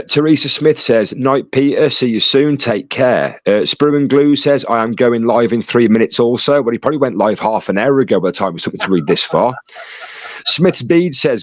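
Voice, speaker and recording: A man with a mid-range voice moderates a live stream chat, reading viewers' messages aloud and joking around with them. He's on a phone call, and the recording is dry, dull and lo-fi with no room sound.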